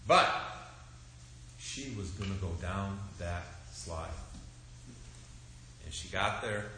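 A middle-aged male pastor telling a children's sermon as an animated, expressive storyteller. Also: deep voice, slow pace, slight background noise. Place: church sanctuary. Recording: echoey church room.

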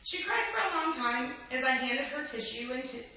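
A woman reading an inspirational story aloud in an earnest, gentle way, now and then restarting a line. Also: sits high, lively intonation, normal speed, distant mic. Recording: echoey room, voice from off-mic.

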